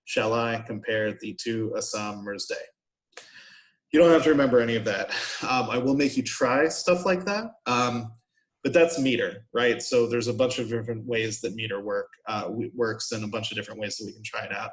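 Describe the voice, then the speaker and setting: A man's voice: mid-range voice, brisk. A man teaching a college poetry class in an informal recorded lecture, explaining patiently with frequent "um"s and "right?" asides. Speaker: college instructor.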